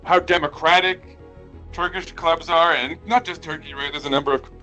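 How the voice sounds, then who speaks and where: American man, higher-pitched podcast host, easygoing, reads out comments, faint music under. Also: normal speed. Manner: relaxed, laughs often, reads comments aloud. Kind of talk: casual football chat, reading listener comments.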